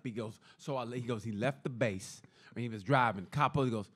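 A man with a voice of middle pitch, co-hosting a comedy podcast. He tells his anecdotes casually and plays out each person's part as quoted dialogue. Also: normal speed. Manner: acts out both sides of a story in quoted dialogue. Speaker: podcast co-host.

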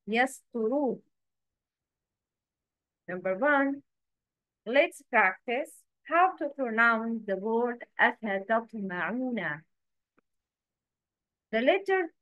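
Slow, patient woman teaching pronunciation. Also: fairly high pitch, a bit bright. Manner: patient, repeats words for the learner to echo. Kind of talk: slow instructional lesson.

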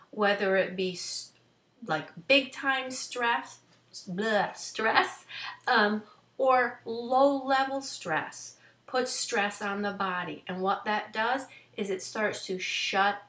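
A woman's voice: fairly high pitch, fairly bright tone, recorded from a distance. A woman hosting a wellness vlog, giving an emphatic, coaching talk straight to her viewers. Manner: emphatic, coaching, direct address. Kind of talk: motivational talk to camera. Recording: echoey room.

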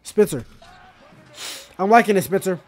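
A man hosting a live basketball reaction, talking to the players on screen and swinging from loud excitement to muttered asides. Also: high-pitched, normal speed. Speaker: sports reaction host. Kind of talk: live game reaction commentary.

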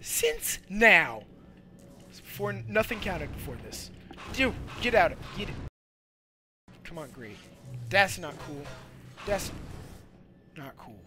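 A young man giving loud, goofy commentary while playing a video game, with sudden shouted outbursts. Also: high voice, big pitch swings, takes it slowly, pauses often, faint music behind. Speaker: let's play gamer. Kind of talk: energetic gameplay commentary.

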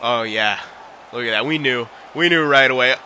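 A man talks through his own video game play in loose, excitable commentary, cursing and chuckling as he goes. His voice is very bright and tense, sitting at an ordinary middle pitch. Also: moderate pace. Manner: excitable, swears and laughs often. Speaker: video game let's-player. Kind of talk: casual gameplay commentary.

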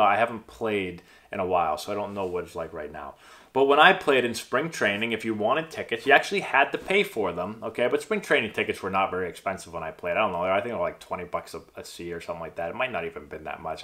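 A man in his thirties talks to camera in a casual vlog, rambling quickly and tripping over fillers and restarts. His voice sits fairly low, and he keeps things loose and chatty as he talks shop about his playing days. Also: a bit bright. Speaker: former pro baseball player and coach.

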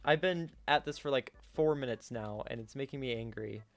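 A young man giving live gameplay commentary, swinging between yelling in frustration and quiet muttering to himself. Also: medium pitch, moderate pace, no echo. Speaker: gaming YouTuber.

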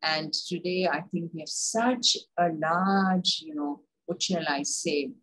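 An older woman with an Indian accent, a coffee expert telling lively stories in an interview. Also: on the low side, takes it slowly, low-quality recording. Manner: lively anecdotal, acts out dialogue. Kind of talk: conversational interview storytelling.

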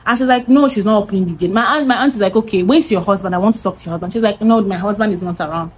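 A young woman telling a lively storytime vlog, acting out the voices of the people in it. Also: medium pitch, rapid-fire, a little hiss or hum, rough recording. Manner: animated, acts out quoted voices. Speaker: content creator.

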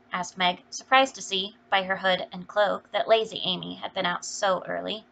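A woman reading a classic novel aloud as an audiobook, in a steady storytelling delivery. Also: on the low side, moderate pace, gravelly, few pauses. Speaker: audiobook reader. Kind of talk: scripted narration. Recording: dull lo-fi recording.

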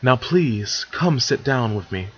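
A man playing an elder pony queen who speaks formally and with measured sternness, a little lower and softer than his usual voice. The tone is husky, and the lo-fi recording sounds dull. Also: natural voice. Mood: gentle. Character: elder female pony ruler, calm and stern.

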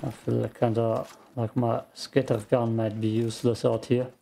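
A man giving calm, slow gameplay commentary, thinking out loud, with a gravelly morning voice. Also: mid-range voice, slight background noise. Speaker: game streamer.

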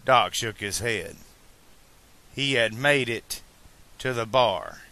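A man narrating a fan-made audiobook in a measured storytelling manner. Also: mid-range voice, expressive, sharp tone.

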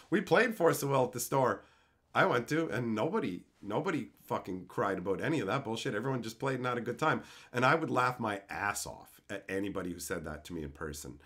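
A man streaming live, reading chat questions and ranting in a loud, profane, laughing way. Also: medium pitch. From Canada. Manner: loud, animated, frequent swearing and laughing.

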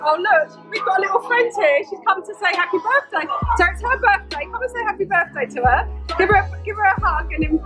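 High-voiced British mum filming on the street. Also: female voice, lively intonation, a little fast, few pauses. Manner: chatty, commenting on the scene as she films. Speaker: family vlogger filming a birthday surprise. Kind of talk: casual handheld vlog narration. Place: outdoors on a city street. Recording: loud music over street crowd noise.

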